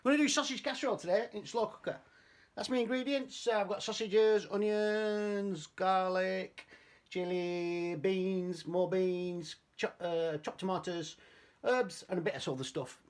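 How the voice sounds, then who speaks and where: A man's voice: high-pitched, fairly even intonation, a little slow. Sweary, chatty man cooking. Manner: chatty, sweary and self-mocking. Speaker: home cooking vlogger. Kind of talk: casual cooking demonstration. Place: home kitchen. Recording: roomy, distant kitchen sound.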